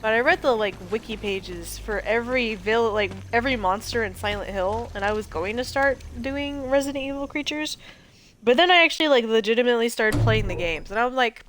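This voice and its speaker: A woman's voice: a little high, brisk, a bit bright, a little hiss or hum. A woman in her twenties giving chatty, joking commentary over gameplay, often exclaiming. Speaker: gameplay streamer. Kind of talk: casual let's play commentary.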